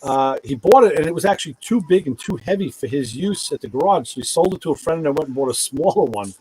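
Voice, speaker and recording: Animated middle-aged man telling a story. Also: on the high side, fast talker, slightly rough, low-quality recording. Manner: animated storyteller who acts out quoted voices. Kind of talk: casual chat, anecdote.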